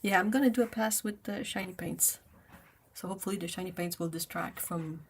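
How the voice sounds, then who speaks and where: A woman hosting a painting livestream, chatting casually with viewers, answering comments, laughing often and slipping into soft half-whispered asides. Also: fairly low pitch, fairly quick, slight background noise. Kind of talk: casual chat while painting.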